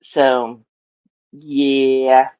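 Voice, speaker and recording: A woman's voice: very deep voice, flat delivery, extremely slow, warm tone, clean tone, highs cut off. A woman with a Southern US accent chatting casually to her live-stream audience, rambling and laughing often.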